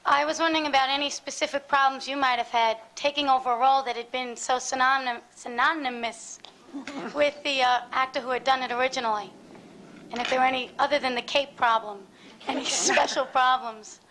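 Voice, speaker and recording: A high-voiced woman stands in the audience and asks the panel a question. She is polite and a little nervous. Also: steady tone, fairly quick, sharp tone, slight background noise, low-quality recording. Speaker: audience member asking a question. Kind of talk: question from the floor.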